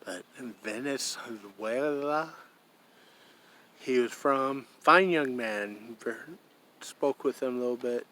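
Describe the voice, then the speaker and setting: Slow-talking rambling man outdoors. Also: medium pitch, pushed and bright. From Iowa, USA. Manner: slow and rambling, refers to himself in the third person. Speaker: vlogger. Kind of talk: casual vlog to camera.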